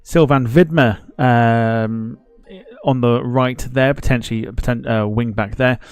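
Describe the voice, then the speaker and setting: A man's voice: mid-range voice, fairly even intonation, measured pace, smooth, soft background music. Chatty man hosting a live football stream. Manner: chatty, rambling, greets chat viewers, laughs at himself. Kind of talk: casual live-stream chat.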